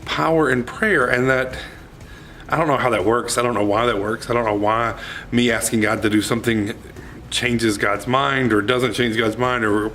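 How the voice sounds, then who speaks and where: A man's voice: mid-range voice, fairly even intonation, moderate pace, fairly bright tone, a little hiss or hum. A man who is a youth minister, talking in a casual vlog. He reflects candidly and rambles.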